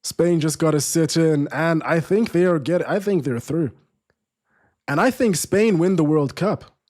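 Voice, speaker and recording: A man's voice: fairly high pitch, unhurried, darkish tone. A man hosting a live football watchalong stream, chatting casually, restarting sentences and reading viewer comments aloud.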